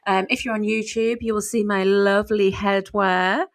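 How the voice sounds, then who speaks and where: Middle-aged woman, author and co-host, candid and reflective, mid pitch. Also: little pitch movement, moderate pace. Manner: open, reflective, leans on "you know". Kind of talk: casual podcast chat.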